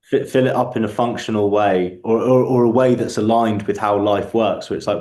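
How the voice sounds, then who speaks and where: A man's voice: lowish voice, steady tone, fairly quick, a little mellow, echoey room. A man hosting a book club video call, reflective and casual, often repeating words as he starts a thought.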